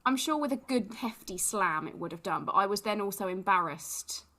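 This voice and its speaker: English woman, podcast co-host, casual storytelling, animated, bright clear voice. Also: medium pitch, moderate pace. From England. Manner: animated, laughs often, acts out quotes.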